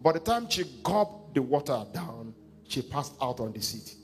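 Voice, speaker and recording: A man's voice: mid-range voice, very animated, moderate pace, faint music behind. A male pastor with a Nigerian accent preaching a sermon, leading his congregation in reading scripture aloud and retelling a counselling story.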